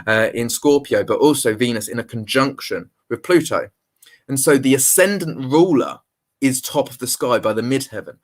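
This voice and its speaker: A man's voice: medium pitch, a bit bright. A man, an astrologer, talking through a chart shown on screen in an unscripted astrology forecast. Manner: explains a chart on screen, fillers and restarts.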